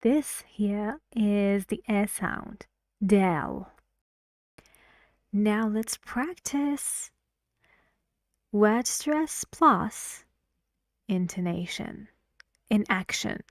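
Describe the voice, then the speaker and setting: A woman leads a pronunciation lesson, speaking slowly and sounding each phrase out so learners can copy it. Her voice sits at a middle pitch, and the recording is dry with no room sound. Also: no echo. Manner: slow, repeats words to model stress and intonation. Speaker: English pronunciation teacher.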